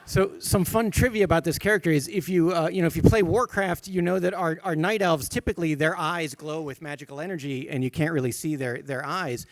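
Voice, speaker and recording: A man's voice: fairly high pitch, fairly quick, hardly any pauses, dry recording. Man game designer explaining a character. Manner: explanatory, hedging with filler words. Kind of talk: panel conversation. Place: convention stage panel.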